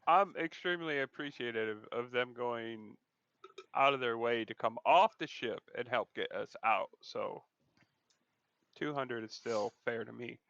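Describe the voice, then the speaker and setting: A man's voice: medium pitch, a little slow, gravelly, fairly bright tone, no room sound, dull audio. A man playing a tabletop game, talking hesitantly with many fillers over voice chat. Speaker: player. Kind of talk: casual tabletop play.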